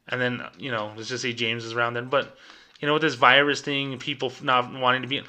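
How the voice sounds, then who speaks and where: A young man holds forth on his podcast in an exasperated rant. His voice is bright and edged, and his pitch sits in an ordinary middle range. He keeps breaking into short impressions of managers and customers. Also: level tone, fairly quick. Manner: exasperated, acts out bosses and customers mid-rant. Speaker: podcast host. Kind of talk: ranting commentary.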